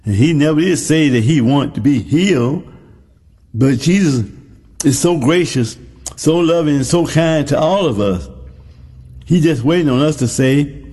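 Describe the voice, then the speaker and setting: A man's voice: a little high, expressive, unhurried, long pauses, dark tone, slightly rough. A man preaching a sermon, retelling a story in a folksy way and repeating phrases for emphasis. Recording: long hall reverb.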